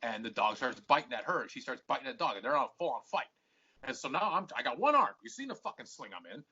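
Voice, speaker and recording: A podcast host telling a long, profane story with a sharp, husky edge to his voice. He plays out both sides of every quarrel. The audio is muffled and lo-fi. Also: medium pitch, sing-song, quick pace. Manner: swears constantly, acts out both sides of arguments.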